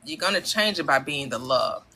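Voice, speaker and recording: This woman has a low, bright, forceful voice and hosts a spiritual talk show. She affirms her guest and lays out her teaching firmly. A faint hiss of noise sits behind her. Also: animated, moderate pace, low-quality recording. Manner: affirming, preacher-like explanations. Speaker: host.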